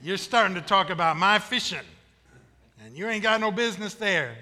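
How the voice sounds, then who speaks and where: A weathered fisherman grumbles in a folksy, reluctant drawl, played by a male preacher in his own voice. The tone rides high and very bright, with a long reverb trailing off the walls of a church hall. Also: animated, moderate pace, heavily acted. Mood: grumbling. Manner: folksy, grudging.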